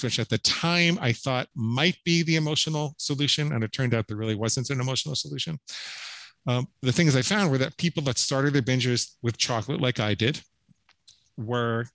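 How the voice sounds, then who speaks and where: A man's voice: medium pitch, fairly bright tone, dry recording, low-quality recording. Earnest middle-aged man telling his story. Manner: earnest, emphatic, with frequent restarts and "right?" tags. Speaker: podcast guest. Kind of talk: storytelling interview talk.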